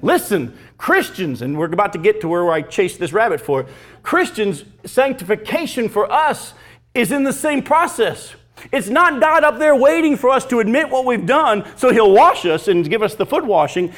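A man in his fifties preaching with a high, lively voice that rises and falls widely. He presses his points emphatically and slips easily into personal stories for his congregation. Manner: emphatic, animated preaching with storytelling. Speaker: pastor. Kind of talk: sermon.

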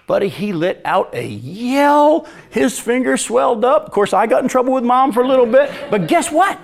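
Speaking at normal speed with vocal fry and few pauses, a male pastor with a strikingly high-pitched voice preaches animatedly. He tells lively stories, chuckles at his own jokes, and fields audience questions in a conversational way.

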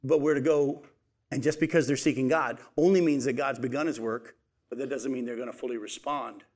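A man's voice: mid-range voice, steady tone, a little fast, a little mellow. A man preaching a sermon, asking his listeners questions and then answering them himself, and calling them folks.

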